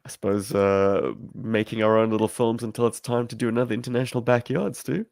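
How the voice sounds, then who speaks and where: Guest role: low, gravelly man from South Africa, rambling and self-deprecating, dry close sound. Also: steady tone, fairly quick, darkish tone, no room sound. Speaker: amateur filmmaker guest. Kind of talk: livestream discussion. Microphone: video call.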